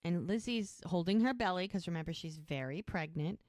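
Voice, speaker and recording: A woman's voice: lowish voice, a little fast, dry recording, clean studio sound. A woman co-hosting a podcast, casually retelling scenes from a TV episode and briefly voicing the characters' lines. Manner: animated retelling, brief quoted character voices. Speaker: podcast co-host recapping a TV episode.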